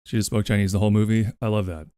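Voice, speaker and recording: A man's voice: lowish voice, level tone, racing, dark tone, smooth, dry recording, studio quality. A man chatting casually on a co-working livestream, laughing often and swearing freely. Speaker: streamer.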